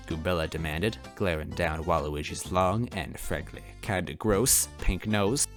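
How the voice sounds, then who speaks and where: A man reads a story aloud in the first person with an animated, lively delivery. He breaks off for wry asides to the listener, and faint music plays underneath. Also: deep voice, normal speed. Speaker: story reader. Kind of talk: dramatic fan-fiction reading.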